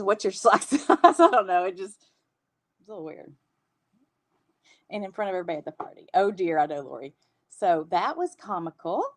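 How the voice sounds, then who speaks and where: A woman in her fifties with a Southern accent chats on a livestream, answering viewer comments and laughing as she goes. Her voice swings up and down in a lively way. The sound is dry and close, with no room echo. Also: mid-range voice. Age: 50s. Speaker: host. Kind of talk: casual livestream chat.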